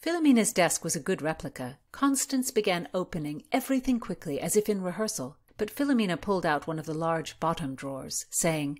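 A woman reading historical fiction aloud in a measured, expressive narration. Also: on the low side.

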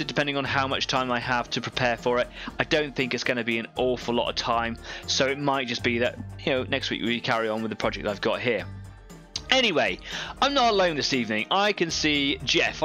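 A man hosts a casual painting stream from his hobby bench. He talks in a friendly, meandering way, full of little asides, and his voice has a bright, forceful edge at a medium pitch. Faint music plays in the background. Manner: rambling, friendly, chatty asides. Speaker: host of a live painting show. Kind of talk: casual live-stream chat. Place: home hobby workbench.

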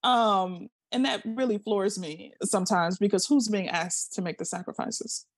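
A woman's voice: medium pitch, normal speed, a little mellow, husky, no echo, clean studio sound. A middle-aged woman giving a passionate seminar talk over a video call, emphatic and full of rhetorical questions. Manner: emphatic, repeats words, asks rhetorical questions. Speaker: seminar speaker.

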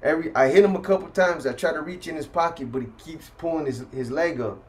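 A man telling a rough story in casual, profane street slang, reenacting the people in it as he goes. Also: fairly high pitch, fast. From California. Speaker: storyteller recounting prison life.

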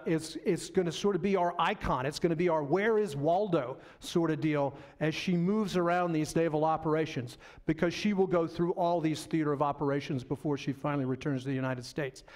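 A man's voice: fairly high pitch, a little mellow. Conversational man giving a history lecture. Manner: conversational, with fillers and asides to the audience. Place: lecture hall.

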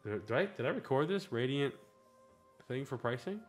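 Guy opening card packs on his channel, pitch jumps all over, laughs a lot, little bit of music behind. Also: lively intonation, normal speed. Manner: chatty, laughs often, trips over card names. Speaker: channel host opening cards. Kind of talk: casual card-opening chat.

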